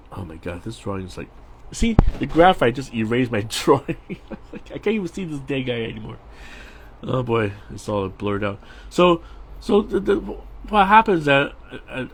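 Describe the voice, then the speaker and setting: A middle-aged man, a storyboard artist, chatting casually and rambling while he draws on a live stream, with frequent restarts and laughs. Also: mid-range voice.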